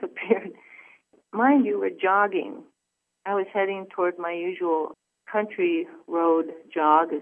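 A woman guest earnestly telling a personal story on a call, with many restarts and fillers. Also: on the low side. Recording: phone line.

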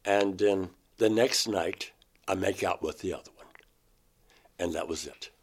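Low-voiced man earnestly recounting an experience. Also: a little slow, breathy edge. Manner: earnest storytelling, acting out his own past cries and pleas. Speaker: interview guest. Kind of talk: first-person account of an abduction experience.

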